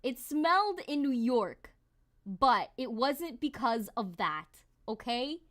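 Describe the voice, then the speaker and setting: A woman streamer chatting casually with her viewers, telling stories in an animated, exclamatory way. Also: fairly high pitch, slow.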